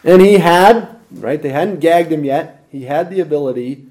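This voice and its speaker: A man preaching a lively expository sermon with dramatic emphasis. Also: on the high side, normal speed.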